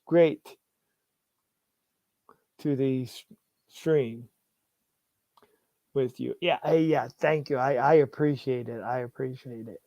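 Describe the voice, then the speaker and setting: A man's voice: mid-range voice, fairly even intonation, slow, long pauses, warm tone, no echo. A man hosting a casual sports livestream, reading viewer comments aloud, laughing often and restarting his phrases. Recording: dull lo-fi sound.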